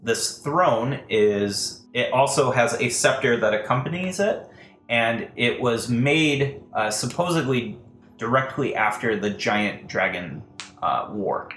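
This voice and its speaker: A man narrating a tabletop game as dungeon master, halting with many fillers. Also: medium pitch, fairly bright tone. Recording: echoey room, faint music.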